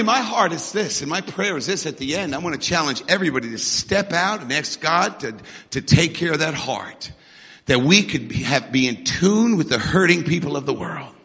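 Animated, high-voiced middle-aged preacher. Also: male voice. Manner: energetic, call-and-response preaching. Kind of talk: sermon. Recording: echoey hall.

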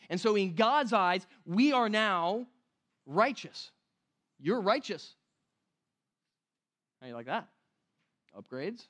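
A pastor with a high-sitting, fairly bright voice preaches conversationally, often questioning the room and slowing down to press on key words.

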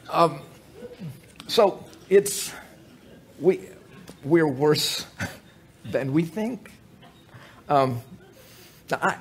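A man preaching a sermon, joking with the congregation and telling animated stories, with many fillers and restarts. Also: on the high side, breathy edge.

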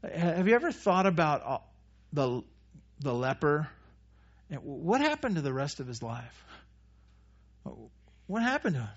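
A man preaching a conversational sermon as pastor, with many restarts and quick acted-out asides. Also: a little high, sing-song. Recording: dull lo-fi church recording.

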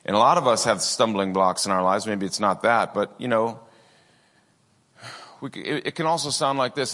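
A man's voice: lowish voice, moderate pace, fairly bright tone, big-room sound. A man preaching a sermon in a conversational way, with many asides and fillers. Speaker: pastor.

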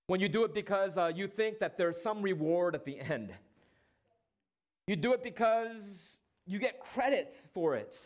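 A man preaching a sermon, asking rhetorical questions, using dramatic pauses and acting out quoted lines. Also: sits high. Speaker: pastor.

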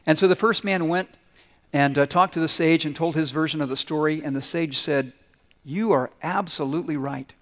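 A man's voice: a little high, steady tone, brisk, big-room sound. A male pastor preaching a sermon, telling stories with acted-out quotes and putting questions to the congregation.

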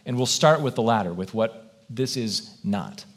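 A man's voice: on the low side, animated, measured pace. A man preaching a sermon as pastor, earnest and reflective, posing question after question to his congregation in a church.

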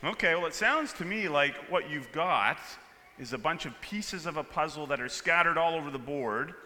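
Man as an easygoing painter, plainspoken, high, very bright voice, hall reverb. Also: lively intonation, normal speed. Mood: calm. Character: friendly male painter explaining with pictures. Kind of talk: live church camp skit.

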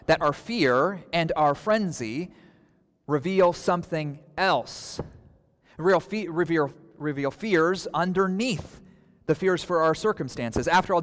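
Pastor, male, sermon delivery, slightly high voice, long hall reverb. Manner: earnest preaching with dramatic pauses and quoted outbursts.

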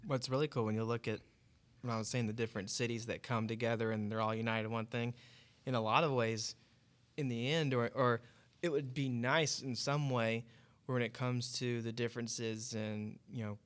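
A man's voice: medium pitch, fairly even intonation, normal speed. Man chatting with stammering restarts. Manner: hesitant, stammering restarts, joking. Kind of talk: casual chat.

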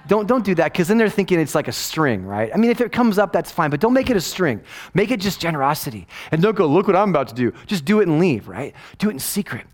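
A middle-aged man preaching a casual, conversational sermon, animated and rambling, often checking in with "right?" and dropping from loud emphasis to hushed asides. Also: high voice, fast talker. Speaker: pastor.

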